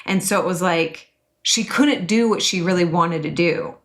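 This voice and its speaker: A woman teaching about personality types in a chatty, expressive way, often acting out quotes. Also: on the low side, normal speed. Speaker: Enneagram coach and teacher. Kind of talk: casual teaching talk to an online class.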